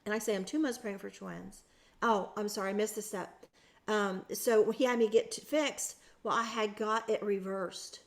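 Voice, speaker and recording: A woman's voice: medium pitch, fairly even intonation, normal speed, creaky. Earnest woman telling a personal story. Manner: earnest, emotional, with frequent restarts. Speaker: podcast guest.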